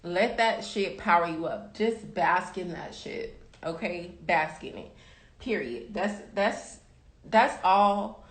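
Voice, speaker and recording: A woman's voice: lowish voice, takes it slowly. Sassy woman in a roomy room. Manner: sassy, emphatic, calls viewers baby and y'all. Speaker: tarot reader hosting a livestream. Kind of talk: casual motivational chat to live viewers. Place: room at home. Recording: roomy echo.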